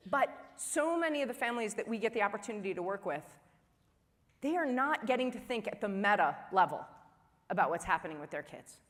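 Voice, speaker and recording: A woman in her forties giving a humorous keynote speech at a conference, telling family stories in an animated way and acting out the dialogue. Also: mid-range voice, brisk. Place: large conference hall. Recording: long reverb of a large hall.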